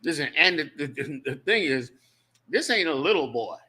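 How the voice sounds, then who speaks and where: A man's voice: fairly high pitch, lively intonation, moderate pace, pushed and bright, husky. A man hosting a talk radio show, speaking emphatically with repeated phrases and frequent laughter. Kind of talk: casual talk radio banter.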